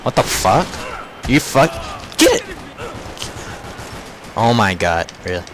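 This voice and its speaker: A man's voice: medium pitch, huge pitch swings, slow, noisy background. A young man narrating his own online shooter matches, frustrated and swearing as he mocks other players. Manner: frustrated, swearing, mocking opponents. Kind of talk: live gameplay commentary. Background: game gunfire.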